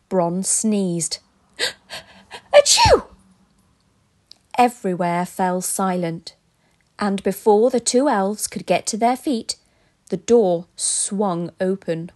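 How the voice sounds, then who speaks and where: Woman storyteller, children's tale narration, gentle and expressive. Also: medium pitch.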